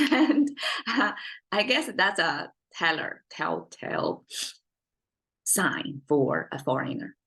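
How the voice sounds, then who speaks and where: Low-voiced woman with a Chinese accent. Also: big pitch swings, slow pace, creaky, a bit bright. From China. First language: Mandarin Chinese. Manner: thinks aloud with many fillers and restarts. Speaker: language teacher. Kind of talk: unscripted explanatory lesson.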